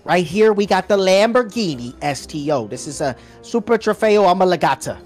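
A man's voice: high voice, expressive, normal speed, darkish tone, soft background music. A man doing a hyped, slangy car-salesman act in a playful game role-play. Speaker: gaming YouTuber guest. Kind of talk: playful role-play banter over gameplay.

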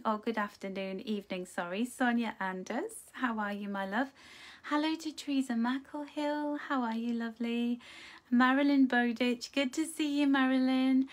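Her voice sits high with a slightly mellow quality. As host of a live angel card-reading stream, she chats easily with her audience, welcomes them with affectionate pet names, and lets out little laughs.

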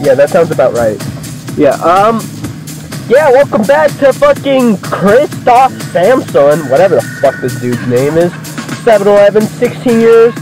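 A man's voice: sits high, rough recording. A man giving casual, rambling, profanity-filled commentary while playing a wrestling game. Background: game music.

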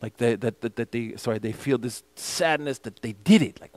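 A man's voice: medium pitch, moderate pace, hardly any pauses, a little mellow, no echo. A man teaching a mosque class as imam. He explains a hadith text in English and recites the Arabic passages.

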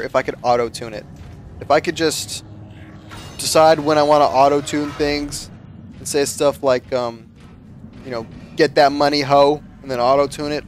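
A man giving casual gameplay commentary in a rambling, easygoing, self-mocking way. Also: on the high side. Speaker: let's play commentator.

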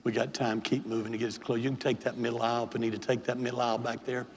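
A man's voice: medium pitch, level tone, rapid-fire, slight background noise. An older man, a bishop, preaching an impassioned Pentecostal sermon and altar call in a large church sanctuary. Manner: impassioned, pleading preacher who builds to hollering. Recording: long hall reverb in a big church.

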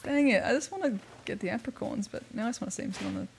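A woman's voice: fairly high pitch, lively intonation, very fast, slight background noise. A young woman with an Australian accent, chatting casually and telling stories during a gaming livestream, laughing often. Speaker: streamer.

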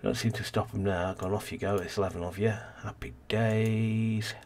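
A man's voice: low voice, fairly even intonation, fast talker, a little mellow, a little hiss or hum. A man casually commentating a city-building game as host, rambling and thinking aloud, tired and yawning. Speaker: let's play host.

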